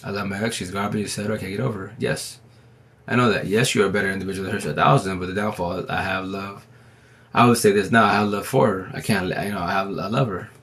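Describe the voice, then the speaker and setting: A low-pitched man with a gravelly, creaky edge talks straight into his phone during a livestream. He rambles in a loose, slangy way, and his words come out fast. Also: steady tone, fairly bright tone. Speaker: livestream host. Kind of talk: casual livestream monologue.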